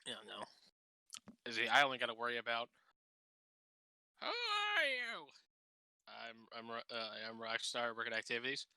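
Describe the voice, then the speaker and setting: A man with a very bright, tense voice trades crude jokes on a casual podcast. He acts out the people in his stories and swears freely. The sound is close and dry, with no room in it. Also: mid-range voice, flat delivery, brisk, vocal fry, clean tone, no room sound. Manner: profane, joking storyteller who acts out quotes. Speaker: podcast co-host. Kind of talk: casual chat.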